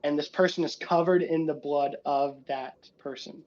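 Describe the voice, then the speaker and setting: A man narrating a tabletop game as game master in an animated way. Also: on the high side, normal speed, dull audio. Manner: animated, lots of voices and asides.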